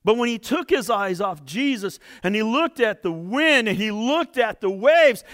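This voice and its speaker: A man preaching a sermon, retelling a Bible story and explaining it. He lifts his voice to stress a point and drops to a near hush. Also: unhurried, hardly any pauses. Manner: expressive, rises for emphasis and drops low to a hush. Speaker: pastor.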